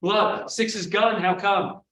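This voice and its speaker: High-voiced man leading an energetic memory seminar. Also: slow pace. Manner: energetic, call-and-response with the audience. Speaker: memory trainer. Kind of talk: live seminar teaching. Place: large room before a live audience. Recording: echoey room, voice from far off.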